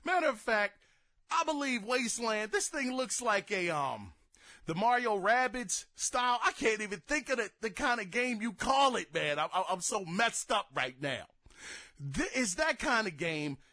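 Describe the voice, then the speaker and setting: A young man hosting a gaming podcast, giving casual commentary in exasperated, theatrical rants that break into shouted outbursts. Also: high voice, sing-song, moderate pace. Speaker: podcast host.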